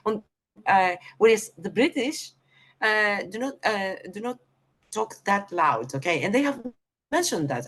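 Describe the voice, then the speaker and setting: A woman from Greece with a Greek accent, lecturing on communication, halting often with fillers and correcting herself mid-sentence. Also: mid-range voice, sing-song, fairly bright tone.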